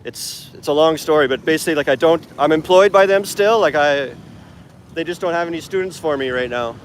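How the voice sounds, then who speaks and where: Holding his phone camera as he walks a city street, an English teacher and vlogger chats on a live stream in a rambling, filler-filled way. His voice is on the high side and brisk, with a little hiss or hum in the audio.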